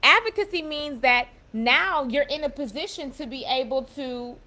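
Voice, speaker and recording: A young woman giving a casual motivational talk, emphatic and warm, often repeating and restarting her phrases as she explains. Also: high-pitched, normal speed. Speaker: self-empowerment speaker.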